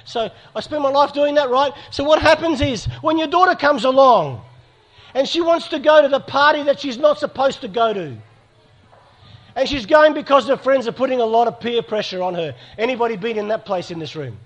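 Middle-aged aussie guy preaching to a crowd, earnest storyteller, kinda high voice. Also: fairly quick, fairly bright tone, highs cut off. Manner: storytelling, earnest, with acted dialogue. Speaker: speaker. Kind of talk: sermon to a live audience.

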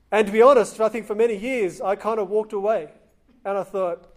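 A preacher delivers a sermon, retelling a scripture story conversationally and acting out the voices of the people in it. He has a high voice and speaks fairly quickly.

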